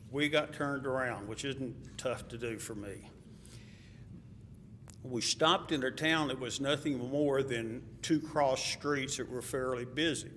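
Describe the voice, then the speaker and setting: A man's voice: medium pitch, a bit bright. A man with a Texas accent telling a chuckling personal story at a memorial. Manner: chuckling, anecdotal. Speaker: eulogy speaker. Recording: hall reverb, faint ambient noise.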